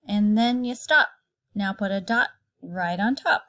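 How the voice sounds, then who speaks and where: A woman's voice: medium pitch, unhurried, fairly bright tone. A woman teaching kindergarten phonics, patiently sounding out letters and words for young children.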